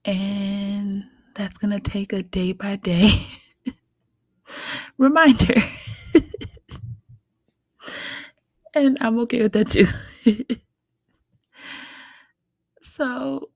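A young woman hosting a solo podcast, talking softly and from the heart, with small laughs between her thoughts. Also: medium pitch, steady tone, drawn-out words, pauses often, dry recording. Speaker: podcast host. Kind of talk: reflective solo podcast talk.

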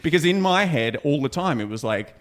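A man's voice: a little high, expressive, a little fast. A young man co-hosting a podcast, telling stories in casual chat, swearing freely and laughing. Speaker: podcast co-host.

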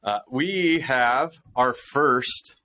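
A man's voice: mid-range voice, drawn-out words, bright, forceful tone. A man hosting a podcast, talking in a loose, rambling way with casual restarts. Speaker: podcast host.

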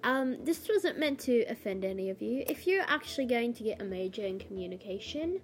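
A woman's voice: fairly high pitch, expressive, fairly quick. A young woman co-hosting a podcast, telling a story in casual chat with lots of giggles. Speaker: podcast co-host.

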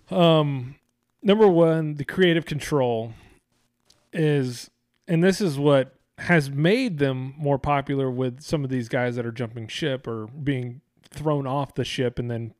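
A man's voice: medium pitch, no echo, clean studio sound. A man co-hosting a casual chat, rambling and profane, often restarting his sentences.

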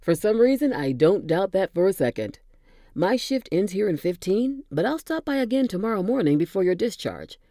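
A woman's voice: mid-range voice, sing-song, moderate pace, mellow, no echo, clean studio sound, pitched above the performer's own voice, natural voice. A woman voicing a cheerful, courteous male hospital orderly in a storybook reading.

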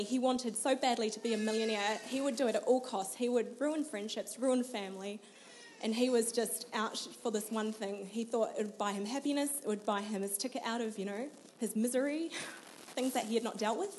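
A woman's voice: fairly high pitch, a little fast, a little mellow, a little hiss or hum. New woman sharing her testimony. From New Zealand. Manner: earnest, emotional storytelling with frequent laughs. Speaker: guest. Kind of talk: personal testimony in an interview.

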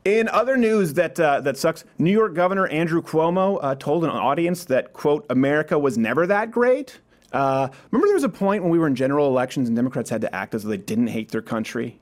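A man hosting a comedic political talk show, quick and joking. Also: a little high, lively intonation. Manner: quick, joking, breaks into laughter. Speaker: show host.

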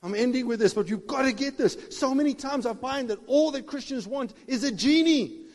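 Man, fervent sermon, loud-to-soft swings, reverberant church hall. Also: very high-pitched, brisk. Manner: fervent preaching, swinging from shouts to hushed tones. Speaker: pastor. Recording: long reverb of a big hall.

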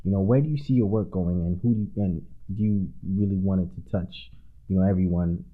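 A man's voice: low voice, fairly quick. A man hosting a podcast, asking long, rambling interview questions full of fillers. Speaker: podcast host. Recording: tinny phone-like line.

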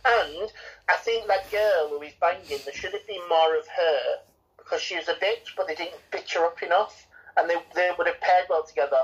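A woman's voice: on the low side, moderate pace, slightly rough. A woman co-hosting a casual film review chat, ranting and swearing as she mocks the characters. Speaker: podcast co-host. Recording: dull lo-fi recording.

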